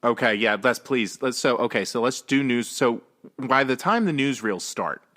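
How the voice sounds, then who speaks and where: A man's voice: mid-range voice, animated, moderate pace, bright, forceful tone. A man in his thirties co-hosting a podcast, chatting casually and cracking playful jokes. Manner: joking, playful asides. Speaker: podcast co-host. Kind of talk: casual chat.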